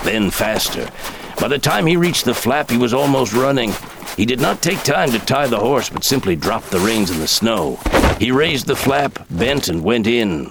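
Low, gravelly male storyteller. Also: background noise. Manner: measured, expressive storytelling. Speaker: narrator. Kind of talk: scripted audiobook narration. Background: soft background music.

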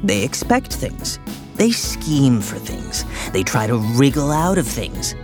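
Fields: Figure: sarcastic teenage boy. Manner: dry, deadpan. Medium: audio drama. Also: mid-range voice, slow. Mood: musing. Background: music.

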